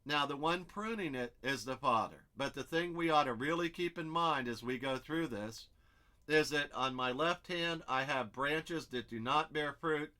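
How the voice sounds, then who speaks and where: A man's voice: fairly high pitch, normal speed, bright, forceful tone. A man teaching an expository Bible study, explaining step by step and thinking aloud as he works through the text.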